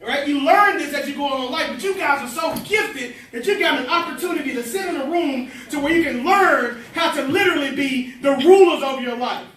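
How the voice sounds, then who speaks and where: A man, giving an energetic, preachy motivational speech with call-and-response to students in a large hall. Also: very high-pitched, brisk, hardly any pauses. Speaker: motivational speaker. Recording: echoey hall from far off, chattering crowd.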